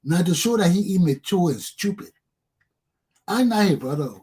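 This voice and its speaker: Man, Liberian English accent, talk show host, angry profane monologue, husky, high-pitched. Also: expressive, moderate pace, darkish tone. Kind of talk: impassioned political monologue.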